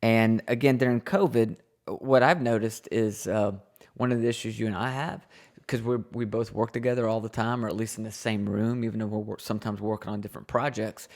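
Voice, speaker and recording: With a low, steady, slightly mellow voice and a brisk delivery, this podcast co-host in his thirties chats with his wife. His earnest talk wanders and restarts many times.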